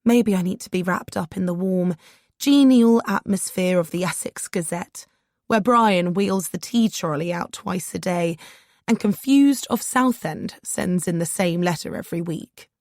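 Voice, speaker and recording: A woman's voice: fairly low pitch, unhurried, a little mellow, dry recording, clean studio sound. A woman narrating a first-person audiobook in a nervous, self-deprecating voice.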